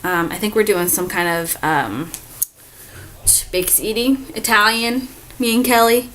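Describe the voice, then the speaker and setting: A woman's voice: medium pitch, measured pace, a bit bright, slight background noise, rough recording. Chatty young woman vlogging. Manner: chatty, rambling with many fillers. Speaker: vlog host. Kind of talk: casual travel vlog chat.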